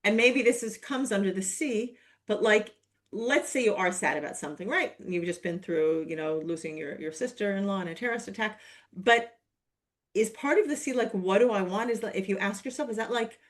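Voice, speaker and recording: A woman's voice: medium pitch, expressive, brisk. Woman podcast interviewer, conversational, mid-range voice, talks things through. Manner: chatty, thinks aloud with restarts.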